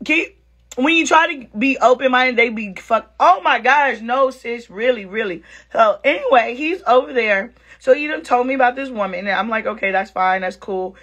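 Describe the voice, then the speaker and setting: Animated woman telling a date story. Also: on the high side, moderate pace. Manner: animated, talks straight to viewers, acts out both sides of the story; slangy, calls viewers girl and sis. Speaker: vlogger. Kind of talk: casual storytime chat to camera.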